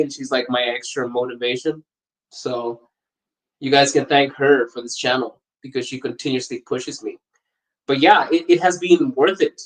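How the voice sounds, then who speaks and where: A man hosting a podcast, chatting casually and telling lively anecdotes, laughing often as he talks. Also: mid-range voice, rough recording. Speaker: podcast host. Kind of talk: casual storytelling chat.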